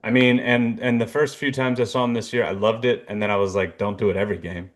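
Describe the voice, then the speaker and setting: A man's voice: mid-range voice, a little fast. A young man co-hosting a casual sports podcast, telling stories animatedly and mimicking what players said. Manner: animated storyteller, mimics others. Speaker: podcast co-host.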